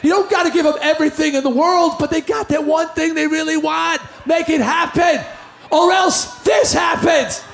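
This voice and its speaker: A male comedian from the New York area doing a loud, exasperated stand-up routine. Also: very high-pitched, steady tone, a little fast, vocal fry, hardly any pauses, reverberant, a faint crowd, a little hiss or hum. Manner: loud, shouting, exasperated storytelling.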